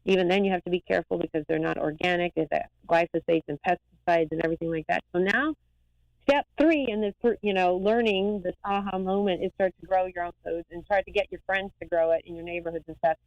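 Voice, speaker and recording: A woman eye doctor talking as a guest in a lively, rambling, emphatic way. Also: fairly low pitch, fast talker, no echo, dull audio. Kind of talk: casual interview talk.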